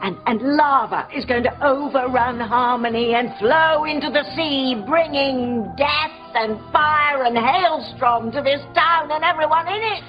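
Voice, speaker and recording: A woman's voice: sits high, measured pace, hardly any pauses. An actress playing a gloomy, exasperated older witch who predicts doom. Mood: doom-laden. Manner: exasperated, prophetic, dramatic. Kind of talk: soap opera acting. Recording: dull broadcast sound with music.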